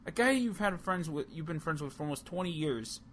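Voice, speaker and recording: A man co-hosting a casual chat show, ranting heatedly with plenty of swearing and restarts. His voice sits a little high. Faint noise hangs behind him. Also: expressive, brisk, a bit bright. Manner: heated, profane, rambling with restarts. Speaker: podcast co-host.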